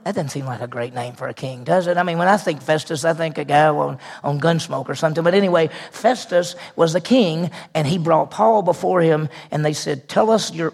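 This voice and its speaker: A pastor preaching a sermon in a relaxed, conversational way, full of asides and repeated phrases. His voice is slightly high and comes out gravelly and husky.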